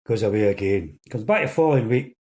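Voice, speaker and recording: A comedian telling jokes in a chatty storytelling manner. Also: male voice, fairly low pitch, animated, fast talker, darkish tone. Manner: chatty storyteller building up to punchlines.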